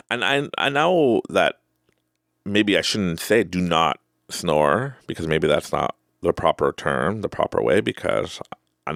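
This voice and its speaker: A middle-aged man with an extremely deep, gravelly voice tells a personal story on his podcast. His pitch swings widely as he rambles, restarts and laughs. The sound is dry and close. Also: no echo. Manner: rambling, self-interrupting, laughs often. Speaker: podcast host.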